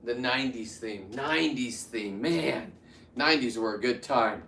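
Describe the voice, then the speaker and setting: A man's voice: medium pitch, measured pace, creaky, bright, forceful tone, roomy sound, distant mic, slight background noise. A man in his fifties talking casually to camera while he works, rambling with many restarts and getting worked up as he goes. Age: 50s. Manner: rambling, restarts, heats up into ranting. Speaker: vlogger.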